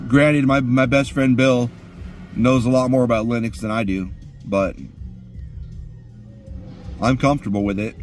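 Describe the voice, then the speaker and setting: A man's voice: mid-range voice, fairly even intonation, a little slow, pauses often, faint music behind. A man ranting crudely and profanely while sitting in his car. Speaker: vlogger.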